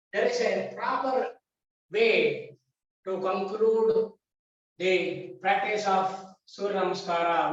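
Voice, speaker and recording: A man with an Indian English accent, a yoga teacher lecturing his class in short, repeated, emphatic phrases. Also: sits high. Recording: echoey dull recording from a distance.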